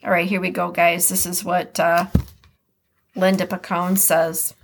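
A woman's voice: on the low side, flat delivery, measured pace, creaky, noisy background. A woman with a Midwestern American accent talks through a solo podcast episode in a loose, conversational way. She reads short passages aloud, then stops to react to them and reflect in her own words. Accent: Upper Midwest American. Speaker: podcast host. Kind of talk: casual podcast monologue.

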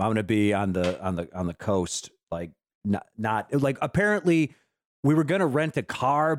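A man co-hosting a podcast in casual chat, animated and laughing, swearing often. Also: medium pitch, no room sound, clean studio sound. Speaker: podcast co-host.

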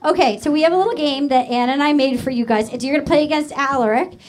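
A woman from Rhode Island hosting a talk show, joking and laughing as she chats with a guest. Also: high voice. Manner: joking, rapid, laughing often. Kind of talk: late-night talk show chat. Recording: studio audience crowd noise. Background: studio audience.

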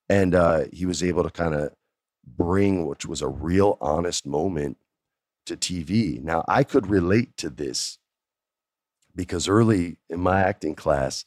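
Deep-voiced man telling a casual story. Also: no echo, studio quality. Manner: animated, conversational, lots of fillers.

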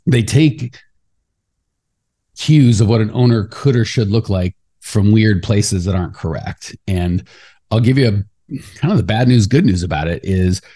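A man co-hosting a podcast in casual chat, talking fast and getting fired up, acting out quoted voices along the way. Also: fairly low pitch. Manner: fast, animated, ranty. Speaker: podcast co-host.

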